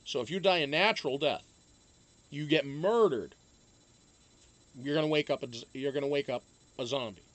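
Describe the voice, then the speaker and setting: A man's voice: on the high side, moderate pace, long pauses, fairly bright tone, no echo. A man hosting a casual live stream from home, rambling with lots of fillers and swearing freely. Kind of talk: casual chat.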